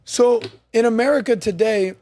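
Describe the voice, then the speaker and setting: A man hosting a casual podcast, telling a story in an animated way and acting out the quotes. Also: extremely high pitch, moderate pace. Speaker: podcast host.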